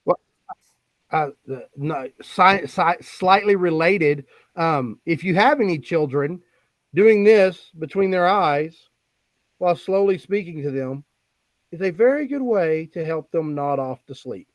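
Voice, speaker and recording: A man's voice: fairly high pitch, lively intonation, unhurried, no echo. A man who is a guest hypnotist on a live online show, explaining techniques in a matter-of-fact way over a video call. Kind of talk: casual live-stream chat.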